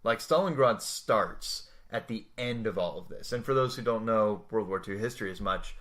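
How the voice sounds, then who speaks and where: A man's voice: on the low side, expressive, normal speed, a bit bright. A man co-hosting a podcast, chatting casually about comics and war history with thoughtful tangents. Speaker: podcast co-host.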